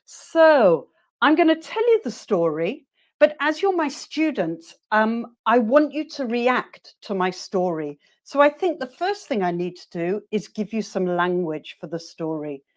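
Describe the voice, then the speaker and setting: A woman teacher trainer leading a webinar, encouraging her listeners and modelling phrases slowly for them to repeat. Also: mid-range voice, big pitch swings.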